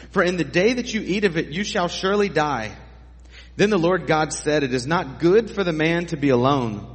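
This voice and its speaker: A man's voice: a little high, in a large hall. A man preaching a sermon in a conversational way, with jokey asides to the congregation. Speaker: pastor.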